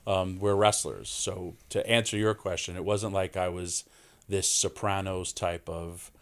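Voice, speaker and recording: Forties New man, low-pitched, animated podcast guest storyteller. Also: a little slow. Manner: animated storyteller, acts out quoted voices. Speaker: wrestling guest.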